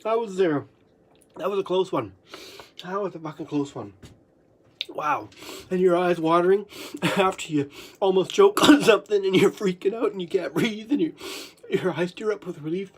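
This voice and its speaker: A vlogger talking in a loose, rambling monologue, swearing freely and sometimes dropping into soft whispers. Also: medium pitch, moderate pace, husky.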